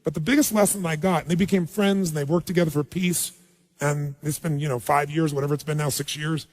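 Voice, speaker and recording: A man delivers a motivational seminar speech in a high voice, shifting from hushed storytelling to urging the audience. His voice rings with the long reverb of a big hall. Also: steady tone, quick pace. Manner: storytelling, then urging the crowd. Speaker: motivational speaker.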